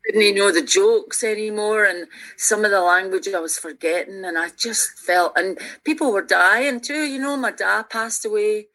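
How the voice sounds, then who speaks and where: A woman's voice: mid-range voice, normal speed. A Scottish woman around sixty with a Glaswegian accent, telling stories earnestly and with feeling as a guest on a radio show. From Scotland. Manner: earnest and animated, with frequent restarts. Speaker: musician guest. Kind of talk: reflective conversational storytelling.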